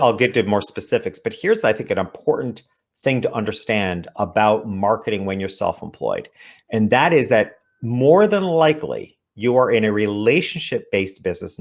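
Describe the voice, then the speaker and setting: Earnest man explaining his ideas. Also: on the low side. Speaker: author guest. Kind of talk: interview conversation.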